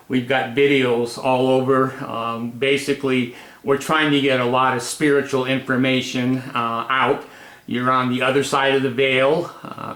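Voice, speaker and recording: A man's voice: mid-range voice, fairly bright tone, echoey room, low-quality recording. A man in his eighties hosting a casual home video, rambling affectionately with many fillers. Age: 80s. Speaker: host.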